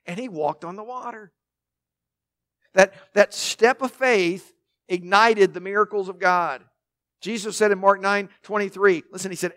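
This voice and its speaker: A man with a high voice preaching to a congregation. He tells the story conversationally, with asides and light jokes. He restarts sentences by repeating a word. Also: fairly even intonation, measured pace, fairly bright tone. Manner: repeats words when starting sentences. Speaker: pastor. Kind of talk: sermon. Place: in front of a congregation.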